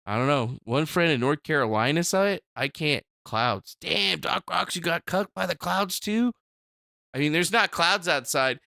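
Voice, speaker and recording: Rambly streamer guy swearing a lot, kinda high voice, dry close sound. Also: animated, normal speed, vocal fry, no room sound. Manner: rambling, profane, swings between loud outbursts and mumbling. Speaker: livestream host. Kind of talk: casual live stream chat.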